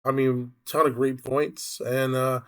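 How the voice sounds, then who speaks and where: Relaxed man as a podcast guest. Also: medium pitch, a little slow. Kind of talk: casual podcast chat.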